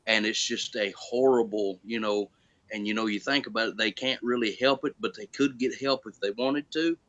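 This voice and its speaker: Animated man on a dull lo-fi line. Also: on the low side, moderate pace. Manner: animated storytelling, acts out quoted exchanges. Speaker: guest actor. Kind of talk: casual chat.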